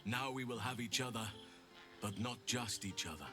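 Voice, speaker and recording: An actor playing an earnest male druid companion in a video game, speaking in a measured, gentle and formal way. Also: mid-range voice, close to an everyday voice. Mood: warm. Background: game music.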